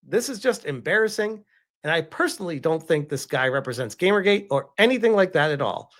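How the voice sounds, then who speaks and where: A show host riffs casually on online drama, reading posts aloud and rolling with sarcastic, exasperated remarks. The pitch swings widely from phrase to phrase, rising high and dropping low. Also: big pitch swings, brisk, fairly bright tone.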